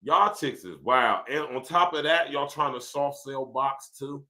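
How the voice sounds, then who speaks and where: Man ranting on a podcast, bright voice. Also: mid-range voice, measured pace. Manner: profane, animated, laughs often; reads viewer comments aloud. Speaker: podcast host. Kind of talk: casual livestream rant.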